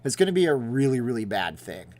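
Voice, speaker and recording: A man's voice: mid-range voice, big pitch swings, fairly quick, a little mellow. A middle-aged man hosting a casual livestream from Las Vegas, chatting sarcastically and answering viewers' questions. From Las Vegas, Nevada. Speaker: livestream host.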